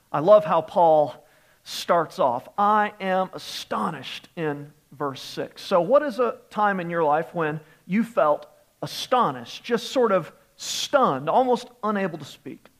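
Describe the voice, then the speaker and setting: A young adult man preaching a sermon, telling a self-deprecating personal story and laughing often. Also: a little high. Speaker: pastor.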